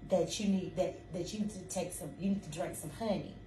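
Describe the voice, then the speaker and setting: A woman's voice: fairly low pitch, a little fast, far from the mic. A woman tells a story on a faith talk show, acting out the dialogue. She sits well back from the mic, and the room adds a strong echo. Faint noise runs underneath. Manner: animated storyteller, acts out dialogue with sudden loud laughs. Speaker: podcast co-host.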